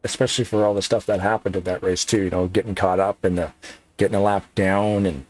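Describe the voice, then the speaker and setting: A man broadcasting a sim race, chatting casually in a relaxed way. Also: sits low, quick pace. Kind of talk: casual chat. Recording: faint noise.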